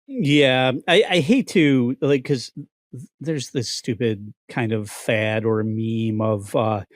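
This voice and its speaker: A man's voice: mid-range voice, slow, no echo, clean studio sound. A man hosting a podcast, ranting casually with lots of swearing and restarts. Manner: profane, ranting, many restarts. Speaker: podcast host.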